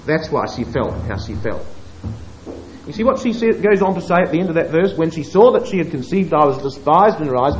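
A man preaching a sermon, moving between quiet asides and emphatic, drawn-out scripture quotations. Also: fairly high pitch, dull audio, a little hiss or hum. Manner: expressive, swings between hushed asides and emphatic quoting.

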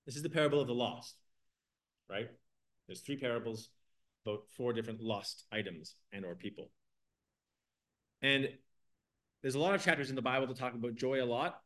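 A man's voice: mid-range voice, a bit bright. A man teaching an evening Bible class, reading scripture and explaining it earnestly, asking his class questions.

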